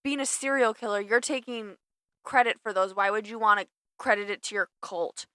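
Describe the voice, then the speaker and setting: Young woman co-host, bright and a touch high, dry close sound, easygoing and chatty. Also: steady tone, clear, resonant tone, no echo. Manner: easygoing, thinks aloud, quick to agree. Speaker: podcast co-host. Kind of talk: casual chat.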